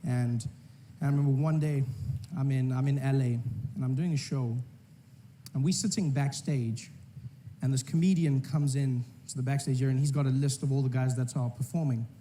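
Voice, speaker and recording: A man's voice: mid-range voice, steady tone, normal speed, dark tone, slight background noise. A South African man performing stand-up comedy in a conversational storytelling manner.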